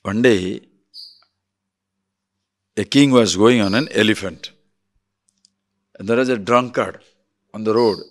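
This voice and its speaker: A man's voice: fairly low pitch, slow pace, pauses often. A man giving a spiritual discourse as a teacher, telling stories and acting out quarrels. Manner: animated storytelling, acts out quarrels.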